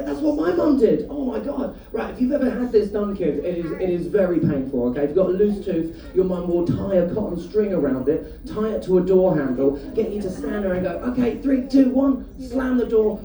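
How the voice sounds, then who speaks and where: A high-pitched man from the UK works a comedy club crowd, telling stories in a chatty way and firing off quick asides to the audience. His tone is dark and mellow. He sounds roomy and a bit distant, as if picked up by a mic away from the stage. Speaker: stand-up comedian. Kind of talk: stand-up comedy set with crowd work. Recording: roomy live venue, mic heard from a distance. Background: audience laughter.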